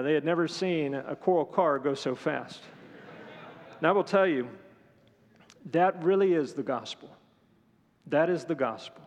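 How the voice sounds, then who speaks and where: A man's voice: on the high side, long reverb tail. A man preaching a sermon as pastor, earnest and mixing scripture with storytelling asides.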